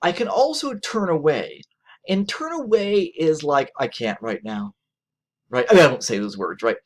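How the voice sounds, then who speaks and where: A man giving a recorded lecture in a conversational, animated way, often ending points with "right?". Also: moderate pace. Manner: animated, conversational, acts out quotes in a higher voice; frequent "right?" tag questions.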